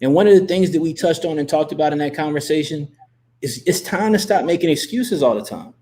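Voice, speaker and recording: A man with a fairly high voice, coaching his audience in an emphatic, repetitive pep talk. He keeps circling back to the same points and pushes the listener to stop making excuses. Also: lively intonation, a little fast. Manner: emphatic, repetitive, gives shout-outs. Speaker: host and coach. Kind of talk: motivational livestream talk.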